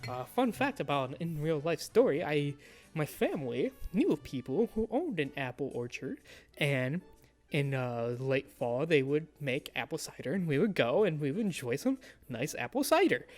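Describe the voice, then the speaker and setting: A streamer reads a cartoon game's story text aloud and breaks off for chatty remarks. The voice is mid-pitched and very lively, with faint game music underneath. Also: normal speed. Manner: animated, chatty asides.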